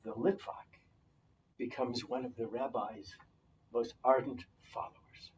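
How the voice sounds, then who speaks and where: A man telling a folk tale to his congregation in a halting, lively way, often repeating words, in a synagogue sanctuary. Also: mid-range voice, recorded from a distance, a little hiss or hum, rough recording. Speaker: storyteller.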